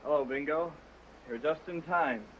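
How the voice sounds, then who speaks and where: A man's voice: a little high, normal speed, a little hiss or hum, lightly acted. An actor playing a brash, bitter young man in a 1929 talkie, sardonic in manner. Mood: mocking. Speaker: film actor. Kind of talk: 1929 early talkie acting. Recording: muffled early sound film with score.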